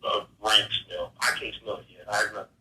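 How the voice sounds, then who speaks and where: A man's voice: on the low side, moderate pace, vocal fry, pushed and bright, echoey room, distant mic, low-quality recording. A man, a homeowner, describing strange events hesitantly, rambling with many fillers.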